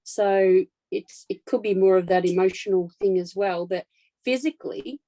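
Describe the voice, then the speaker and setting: A woman's voice: mid-range voice, normal speed, dark tone, dry recording, rough recording. A woman taking part in an online workshop over a video call, talking in a thoughtful, hesitant way with restarts. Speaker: workshop participant. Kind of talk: casual chat.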